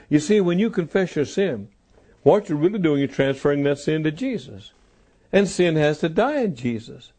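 An older male preacher delivers a sermon with a somewhat high but mellow voice. He presses his points by repeating them, sinking low and soft and then climbing to loud, ringing calls. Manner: emphatic, repeats key phrases, swings between soft lows and loud calls.

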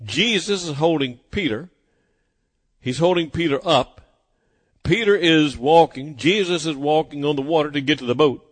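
A man preaching a sermon, emphatic and driving his points home by repeating phrases. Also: a little high. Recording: long hall reverb.

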